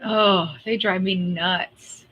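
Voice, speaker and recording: A woman's voice: medium pitch, steady tone, slow pace, husky, highs cut off. A woman hosting a casual livestream, talking bluntly and ranting in an exasperated way, with frequent laughs. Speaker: livestream host.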